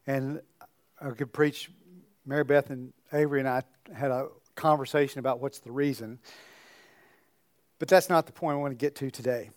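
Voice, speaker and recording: A man's voice: medium pitch, no room sound, clean studio sound. An older man, a pastor, giving a sermon in a conversational storytelling way with joking asides.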